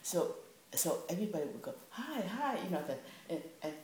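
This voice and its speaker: Low-voiced older woman telling family stories. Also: fast talker. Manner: animated, acts out voices, laughs often. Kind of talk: casual family storytelling. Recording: echoey room, faint hiss.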